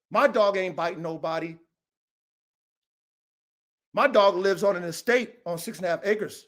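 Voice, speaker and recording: Speaking unhurriedly and pausing often, this high-pitched man hosts a livestream podcast and also breeds dogs. His casual rant is blunt and profane, and he gets fired up and repeats himself, heard through a live stream mic.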